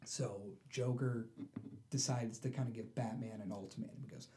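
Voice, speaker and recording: With lots of energy, a man co-hosting a laid-back podcast recounts a comic book plot and performs the characters' lines in their voices. He speaks in a mid-range voice at normal speed.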